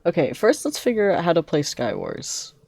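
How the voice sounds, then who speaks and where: Low-voiced giggly young woman streamer. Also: huge pitch swings, normal speed, creaky, a little mellow, no room sound. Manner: chatty, giggly, rambling asides. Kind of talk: casual gameplay storytelling.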